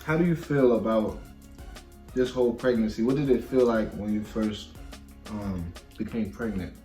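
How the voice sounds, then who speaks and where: A man's voice: lowish voice, moderate pace, dark tone. Laid-back young man in an echoey room. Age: young adult. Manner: laid-back, slangy, talks while eating. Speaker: vlog co-host. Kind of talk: casual chat over a meal. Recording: echoey room with faint music.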